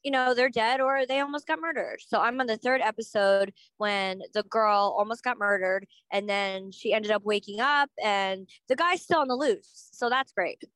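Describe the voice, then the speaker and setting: Woman cohost on a gossip podcast, blunt and opinionated, kinda high voice. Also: normal speed, few pauses, a bit bright, clean tone, no echo, poor audio. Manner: blunt, opinionated, swears casually. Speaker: podcast co-host. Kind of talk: casual gossip chat.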